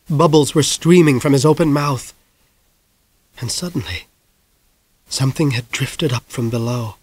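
Grave and measured, a man tells the story of a novel for an audiobook, softening his delivery at its darkest points. His voice sits at medium pitch, with no audible room sound.

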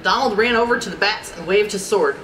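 A woman reading a children's storybook aloud in an expressive, amused manner. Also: medium pitch, a little fast. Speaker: storybook reader. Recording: distant mic with background noise.

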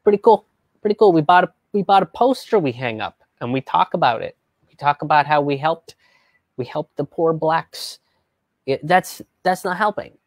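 A young man hosting a live stream as a comedian, talking in a casual, animated, profane way and slipping into mocking voices. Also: on the high side, normal speed, no room sound. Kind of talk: casual livestream commentary.

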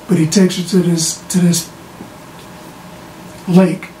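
A TV show reviewer giving a casual, animated episode recap, often repeating words as they restart sentences. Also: mid-range voice, a little slow, pauses often. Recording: roomy sound from a distant mic with faint background noise.

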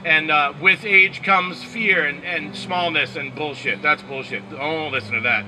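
A man's voice: on the high side, measured pace, poor audio. A man from the Bronx, a laid-back, joking yoga teacher welcoming a class in his backyard. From the Bronx, New York. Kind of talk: casual class introduction. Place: backyard, outdoors.

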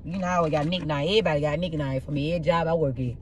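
A young woman with a rough, husky voice, doing a casual tarot reading and telling blunt, profane stories in an animated way. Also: on the low side, very fast, hardly any pauses, slight background noise. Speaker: tarot reader.

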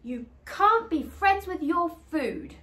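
A woman's voice: very high-pitched, expressive, takes it slowly, fairly bright tone, echoey room, pitched above the performer's own voice, heavily acted. A woman voicing a stern, strict snake father in a read-aloud children's story. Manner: stern, commanding.

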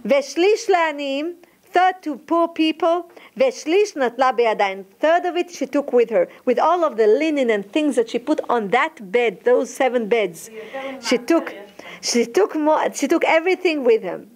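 A woman teaching a Torah lesson, quickly reading the text aloud and then retelling it slowly in her own words, often stopping to correct herself. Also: high voice, animated, darkish tone. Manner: alternates rapid Hebrew reading with slower English retelling, frequent restarts.

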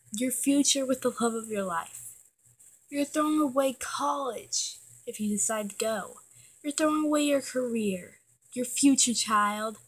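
A woman's voice: a little high, husky, low-quality recording. A teenage girl giving an earnest, emotional pep talk to her viewers, swearing when she gets worked up. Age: teens. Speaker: vlogger.

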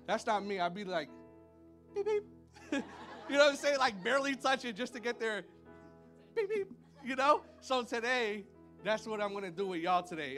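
A man preaching a casual, playful sermon to a church congregation, chatty and full of "y'all" and "like", with a church sanctuary around him. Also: a bit bright. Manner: chatty and playful, lots of "y'all" and "like", with high playful sound effects. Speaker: pastor.

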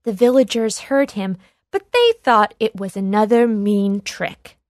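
Slow, clear woman reading to kids. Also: medium pitch, fairly even intonation, darkish tone, no room sound, studio quality. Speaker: storybook narrator. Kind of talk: children's read-along narration.

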